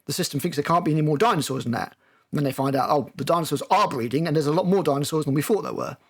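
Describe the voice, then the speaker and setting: A man's voice: on the high side, racing, slightly rough. Chatty British man reviewing a film. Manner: rambling, recaps scenes with many fillers. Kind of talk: casual podcast discussion.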